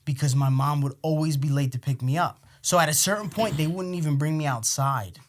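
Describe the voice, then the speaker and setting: A man, co-hosting a podcast and telling stories in a profane, animated way. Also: a little high, brisk, a little hiss or hum. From Queens, New York. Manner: animated, profane, swings into loud outbursts acting out arguments. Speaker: podcast co-host. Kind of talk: casual storytelling chat.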